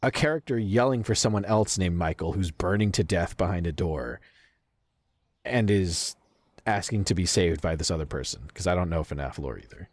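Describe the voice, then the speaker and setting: Low husky male streamer, swearing casually. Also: animated, normal speed, dry recording. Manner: casual, swears freely, laughs often. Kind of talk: casual game livestream chat, reading chat aloud.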